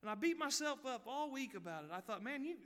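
A man preaching a sermon, telling a folksy story, dropping to quiet asides and rising to loud, fervent peaks. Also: extremely high pitch, expressive, quick pace, clear, resonant tone, long reverb tail. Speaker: pastor.

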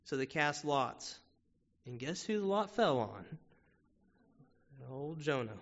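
A man's voice: on the high side, sing-song, slow pace. A man preaching a sermon as pastor, talking to the congregation in a conversational way with frequent rhetorical questions. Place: church sanctuary. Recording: muffled sound with long hall reverb.

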